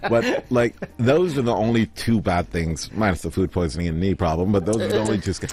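A man telling a travel story in casual chat, acting out the other people's lines in lively voices. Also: on the low side, a little fast.

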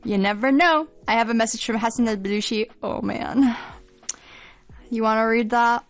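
A woman's voice: fairly high pitch, normal speed. A woman hosting a radio show from the studio, chatting frankly and giggling often. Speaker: radio host. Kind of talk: casual on-air banter. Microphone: studio microphone.

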